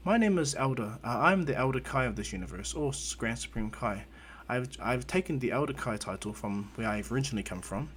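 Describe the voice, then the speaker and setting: A wise old supreme deity speaks with formal courtesy, as a man telling a fan story puts him on. His words are measured and polite, delivered in an ordinary mid-range voice. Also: mid-range voice, lively intonation, a bit bright, slight background noise, lightly acted.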